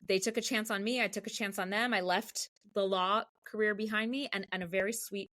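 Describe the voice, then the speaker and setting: A woman cantor in an interview, telling her story in a lively way and acting out the people she quotes. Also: medium pitch, brisk. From United States. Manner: animated, acts out quoted voices.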